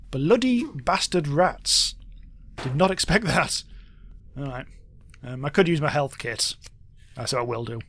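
A young man talks his way through a video game in a chatty, wry let's-play style, breaking into exclamations when something jumps out. His voice sits a little high and swings widely in pitch. He sounds close to a desk mic. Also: a bit bright. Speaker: gaming YouTuber.

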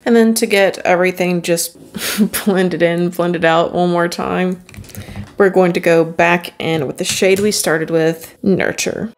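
A woman's voice: on the low side, fairly even intonation, a little slow. A chatty, upbeat woman walks viewers through a makeup look step by step. She sounds friendly and casual, like a beauty vlogger talking straight to her regulars. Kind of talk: makeup tutorial narration.

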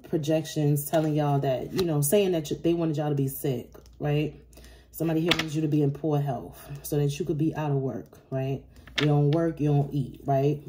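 A woman's voice: sits low, mellow. A woman giving a casual tarot reading to her viewers, blunt, profane and often laughing. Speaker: tarot reader. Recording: noisy with card shuffling clicks.

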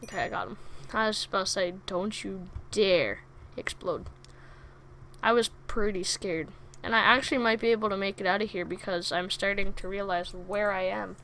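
A woman giving chatty, excitable let's play commentary from a home setup, talking to the game's monsters as she plays. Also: mid-range voice, fast, slight background noise. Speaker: gaming video creator.

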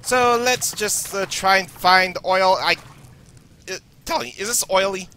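A man's voice: high-pitched, unhurried, bright, forceful tone, slight background noise. A young man from Canada commentating a horror game, nervously talking to himself, his voice a little worn. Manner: nervous, jittery, talks to himself. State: losing his voice. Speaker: let's play gamer.

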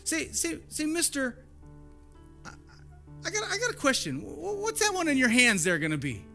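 Man doing a stammering, wide-eyed little boy in a sermon story, voice jumped way up high and bright. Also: normal speed, creaky, faint music behind, heavily acted. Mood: curious. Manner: stammering, excited questions. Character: eager curious little boy.

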